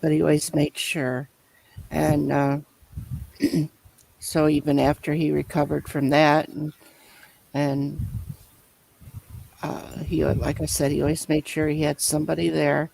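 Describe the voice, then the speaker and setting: A man telling a long personal story in casual chat, rambling and halting as he loops back over his points. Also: fairly high pitch, monotone, gravelly, darkish tone, rough recording. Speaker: storyteller in a conversation.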